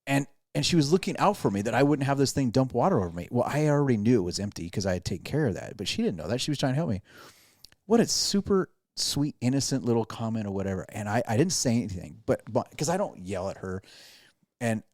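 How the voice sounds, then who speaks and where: A man's voice: medium pitch, big pitch swings, quick pace, darkish tone, no room sound, studio quality. A man, a pastor and podcast host, telling a self-deprecating story in casual chat with lots of restarts.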